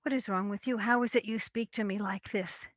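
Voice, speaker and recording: A woman's voice: medium pitch, fairly even intonation, moderate pace, no room sound, studio quality, natural voice. A woman voicing a selfish, ungrateful master in a folktale, scornful and indignant.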